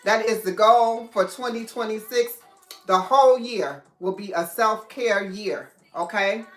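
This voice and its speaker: A woman's voice: medium pitch, unhurried. Chatty woman hosting a live stream. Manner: chatty, greets viewers by name. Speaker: livestream host. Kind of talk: casual live-stream chat. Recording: echoey room, faint music.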